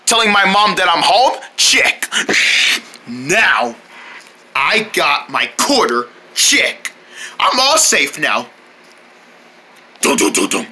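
Skit performer, lively swooping pitch, sharp bright tone, excitable and loud. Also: takes it slowly, pauses often. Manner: excitable, often shouting and laughing. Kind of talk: playful comic skit with several characters.

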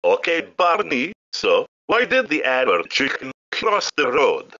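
A man's voice: fairly high pitch, huge pitch swings, unhurried, sharp tone, full character voice. A man voicing a cheeky, whiny young sidekick in a fan-made cartoon, nagging and pleading. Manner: pleading, nagging, springy intonation. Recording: dull lo-fi audio.

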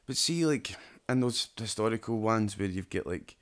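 A Scottish man with a lowish voice chats casually on a podcast. His talk is broad and sweary, and he keeps asking whether his point lands. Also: animated, moderate pace. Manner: broad, sweary, says "do you know what I mean" often. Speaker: podcast co-host. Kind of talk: casual chat.

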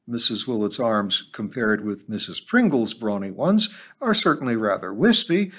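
Lively man reading a novel aloud. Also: on the low side, normal speed, few pauses.

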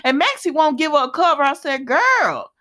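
A woman, recapping a soap opera episode in casual, animated chat that talks straight to listeners and laughs often. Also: high-pitched, fast.

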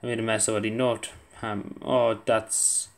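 A man's voice: lowish voice, flat delivery, normal speed, vocal fry. A young man giving casual gameplay commentary, muttering to himself and swearing under his breath as he plays. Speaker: gaming video creator.

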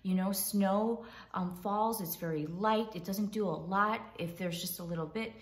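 A woman's voice: mid-range voice, moderate pace. A woman with a mid-range voice hosts a ministry talk, earnest and encouraging toward her listeners. Her voice rings in a roomy, echoing space. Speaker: host.

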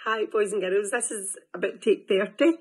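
A woman, a teacher and mother, giving a soft, halting farewell message while close to tears. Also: medium pitch, over a noisy crowd. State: tearful, voice close to crying. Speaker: teacher and parent.

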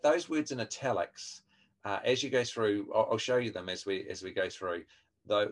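Chatty man teaching a webinar. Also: on the low side. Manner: friendly, chatty, lots of fillers and restarts. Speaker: trainer. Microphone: video call microphone.

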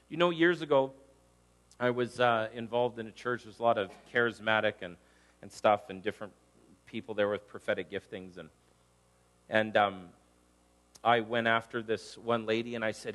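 A middle-aged man, a pastor, preaching a conversational sermon and acting out little scenes in livelier voices. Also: normal speed. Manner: conversational, animated, acts out quotes in higher voices.

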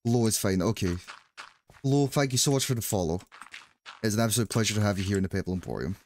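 Man, glaswegian scottish accent, lowish voice, rambling jokey streamer chat. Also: fast talker, a little mellow, a little hiss or hum. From Scotland. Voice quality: joking, rambling, frequent laughs and restarts. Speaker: livestreamer. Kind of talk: casual chat while gaming.

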